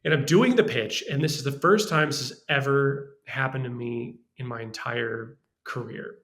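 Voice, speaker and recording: A man, a screenwriter guest on a podcast, telling animated stories about his work in a casual way. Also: medium pitch, moderate pace. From Los Angeles. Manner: animated, restarts and acts out quoted voices.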